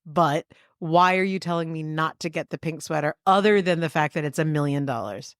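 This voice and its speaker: A woman's voice: low voice, a little fast, no echo. A New woman in her fifties co-hosting a podcast in casual chat, teasing with dry humor. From New York City. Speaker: podcast co-host.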